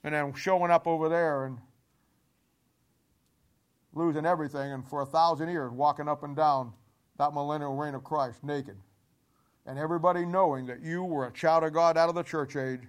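A man preaching a sermon to a congregation, animated, repeating himself often and swinging between loud and hushed. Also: on the high side, moderate pace, long pauses. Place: church before a congregation.

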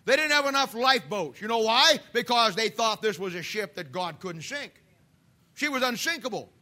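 A preacher man delivering a fiery sermon, swinging between loud shouts and hushed asides. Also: sits high, lively intonation, normal speed.

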